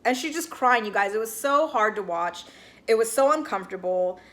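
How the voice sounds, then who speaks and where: A woman's voice: on the high side, expressive, moderate pace, a bit bright. A woman giving a casual recap of a reality show, chatty and full of "like" and "you guys", acting out what the people on the show said.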